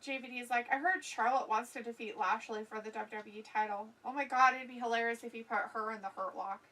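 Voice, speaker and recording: Bright-voiced woman reading chat aloud. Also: fairly high pitch, fairly even intonation, fast talker. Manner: reads viewer comments aloud, laughs often. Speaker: co-host of a wrestling watch-along stream. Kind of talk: casual live-stream chat. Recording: voice somewhat far from the mic.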